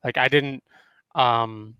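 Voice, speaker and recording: A man's voice: medium pitch, fairly even intonation, takes it slowly, clear, resonant tone, no echo, lo-fi sound. A man answering podcast questions casually, rambling with many fillers. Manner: rambling, full of "like" and "um". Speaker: former pro player. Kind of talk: casual chat.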